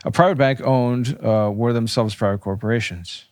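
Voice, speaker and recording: A man's voice: mid-range voice, normal speed, a little mellow, no room sound. A man co-hosting a podcast who chats casually, reads passages aloud and throws in wry, sarcastic quips. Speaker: podcast co-host. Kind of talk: casual chat and reading aloud.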